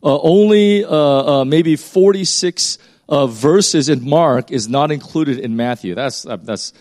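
A man's voice: a little high, a little slow, darkish tone, no echo, clean studio sound. A man, a pastor, reading a Bible passage aloud and then explaining it in a casual teaching voice with fillers and restarts.

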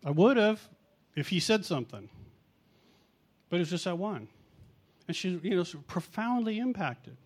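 Middle-aged guy preaching, tells stories, bit high voice, jokes on himself. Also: very animated, moderate pace, pauses often. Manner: chatty, self-mocking, acts out quotes. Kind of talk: storytelling sermon.

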